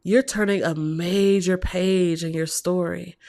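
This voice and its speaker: A woman giving a tarot reading, talking slowly and softly with hums and whispered asides. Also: on the low side, fairly even intonation. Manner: slow, soft, encouraging, with hums and whispered asides. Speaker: tarot reader.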